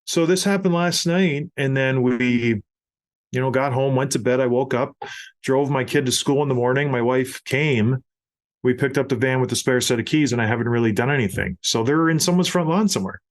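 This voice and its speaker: Lively middle-aged male podcast host. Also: medium pitch, a little fast. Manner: animated, laughing storyteller. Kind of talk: casual chat and storytelling.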